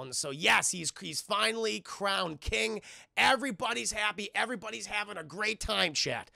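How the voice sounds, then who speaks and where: Streamer, male, high gravelly voice, bright and excitable, recaps a film scene by scene and acts out lines. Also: brisk, no room sound, clean studio sound. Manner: excitable, acts out characters, keeps addressing chat. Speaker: film reviewer streaming to chat.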